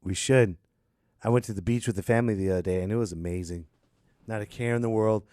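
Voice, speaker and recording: A man hosting a podcast, ranting sarcastically and swinging between loud and muttered. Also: fairly low pitch, quick pace, no echo, studio quality. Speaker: podcast host. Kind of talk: casual ranting chat.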